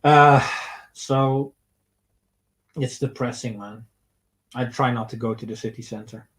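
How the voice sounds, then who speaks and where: Young man, middle pitch; blunt and opinionated livestream Q&A host. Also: fairly even intonation, measured pace, fairly bright tone, low-quality recording. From Netherlands. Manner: blunt and opinionated, reads out questions then answers. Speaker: streamer answering viewer questions. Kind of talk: casual livestream Q&A.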